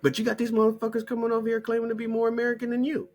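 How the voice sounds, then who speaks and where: A man's voice: very high voice, monotone, rapid-fire, darkish tone, faint music behind. A middle-aged man delivering a heated, mocking monologue full of swearing. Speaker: channel host. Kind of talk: profane ranting monologue.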